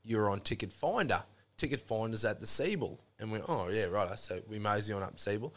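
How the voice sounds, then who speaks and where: A man's voice: lowish voice, lively intonation, fairly quick, a bit bright. An Australian man telling a rambling, sweary story in a casual chat, throwing in lots of "mate". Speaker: podcast guest.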